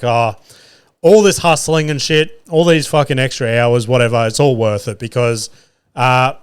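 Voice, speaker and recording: A man's voice: mid-range voice, fairly bright tone, smooth. Swearing man ranting on a podcast. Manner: profane, exasperated storytelling with wry laughs. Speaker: podcast host. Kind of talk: casual solo podcast monologue.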